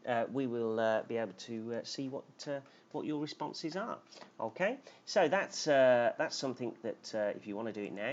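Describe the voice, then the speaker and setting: A man teaching a live-streamed lesson, halting with many filler sounds and playful as he tries tongue twisters. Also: medium pitch. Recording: dull lo-fi live stream audio.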